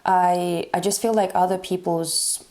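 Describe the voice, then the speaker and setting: A woman giving a casual tarot reading to her viewers, talking haltingly and searching for words with many fillers. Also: lowish voice, flat delivery, a little mellow. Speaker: tarot reader.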